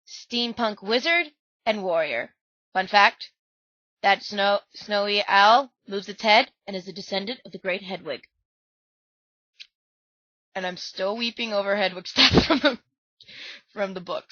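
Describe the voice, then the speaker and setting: A young woman gushing through slideshow commentary, squealing with excitement, her throat sore and strained. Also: medium pitch, measured pace, pauses often, no echo. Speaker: vlogger. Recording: dull, dry lo-fi recording.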